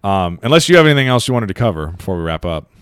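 Fast-talking casual male podcast host. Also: on the low side, clear, resonant tone, dry recording, studio quality. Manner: quick, laughing, animated storytelling.

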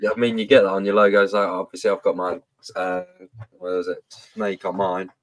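A man from England with a West Midlands accent, a racing guest answering in a relaxed, hesitant way. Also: low voice, fairly quick. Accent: West Midlands English. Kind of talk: casual interview chat.

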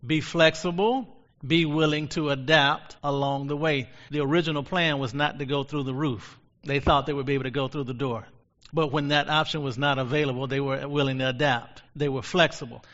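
A man's voice: medium pitch, fairly even intonation, fairly quick, fairly bright tone. A male pastor preaching a sermon in a fervent way, repeating phrases for emphasis, recorded in a large church. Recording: long hall reverb, dull lo-fi sound.

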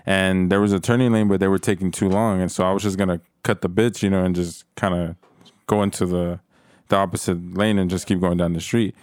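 Young man, low voice, casual chat, rambling profane storytelling, dry close sound. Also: flat delivery, fairly quick, darkish tone, dry recording.

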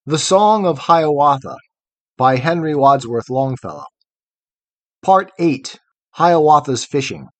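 A man narrating a long poem in a measured, rhythmic recitation. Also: a little high, animated, no echo. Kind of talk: scripted poetry reading.

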